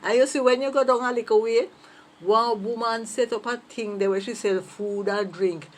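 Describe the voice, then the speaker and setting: Lively Jamaican woman telling stories. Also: a little high, normal speed. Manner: lively, chatty, playful asides. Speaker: patois teacher. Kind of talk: casual storytelling in Jamaican patois.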